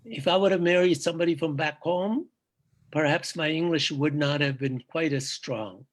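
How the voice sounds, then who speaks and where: An older man, a native Urdu speaker, telling stories from his past in a reflective, halting way during casual chat. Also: fairly high pitch. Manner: reflective storytelling, halting restarts. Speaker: guest, father of the hosts.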